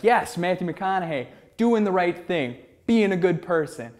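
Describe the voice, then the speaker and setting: A man's voice: sits high, expressive, normal speed, few pauses, a little mellow. A young man in his twenties hosting a comedic film review, talking in a sarcastic, incredulous way. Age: 20s.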